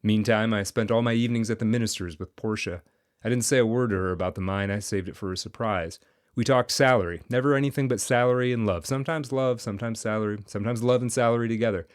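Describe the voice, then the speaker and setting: A man narrating a classic story in a lively, expressive reading. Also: lowish voice, fast, no room sound, studio quality. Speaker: audiobook narrator.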